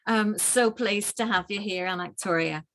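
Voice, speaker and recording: A woman hosting a summer school event, welcoming the audience and introducing a guest lecturer warmly, with some fillers. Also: mid-range voice, moderate pace, slight background noise, poor audio. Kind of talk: formal introduction.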